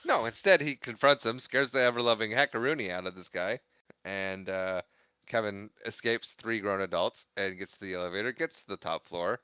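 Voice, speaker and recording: A man's voice: fairly low pitch, normal speed, clear, resonant tone, no echo. A young man co-hosting a podcast, retelling a movie scene in casual chat, acting out the characters' lines and laughing often. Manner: animated retelling, acts out quotes, laughs often. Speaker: podcast co-host.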